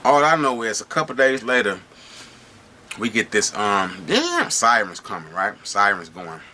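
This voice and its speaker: Brief: middle-aged man, lowish forceful voice, animated slangy storyteller who keeps asking if you follow. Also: a little slow, a little hiss or hum. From Michigan. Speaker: host telling prison stories. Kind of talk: casual storytelling to camera.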